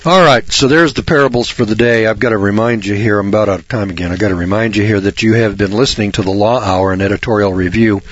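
A man hosting a radio talk show, speaking bluntly in a folksy way and often clearing his throat. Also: fairly low pitch, quick pace, few pauses, lo-fi sound.

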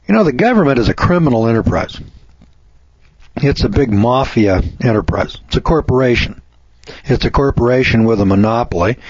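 A man's voice: medium pitch, a little mellow, husky, no room sound. A man hosting a radio show, giving a folksy, opinionated editorial monologue and mocking other people's voices. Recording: dull lo-fi radio recording.

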